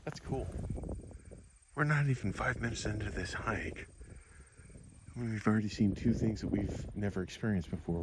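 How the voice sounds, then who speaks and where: A man narrating his hike for a vlog in a chatty, playful way, recorded outdoors on a camera. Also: on the low side. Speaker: hiking vlogger. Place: outdoors on a trail. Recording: noisy outdoor camera audio. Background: outdoor noise.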